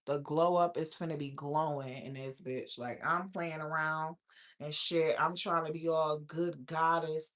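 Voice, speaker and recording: A young woman hosting her own show, chatting casually and reacting to viewer comments, brash and profane, breaking into loud laughter. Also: lowish voice. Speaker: host.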